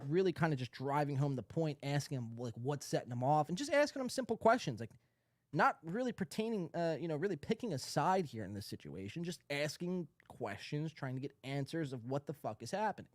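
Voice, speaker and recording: A man's voice: fairly high pitch, very animated, brisk, dry recording, studio quality. A man hosting a podcast, ranting in a sarcastic, profane, rambling way. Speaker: podcast host. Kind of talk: ranting commentary.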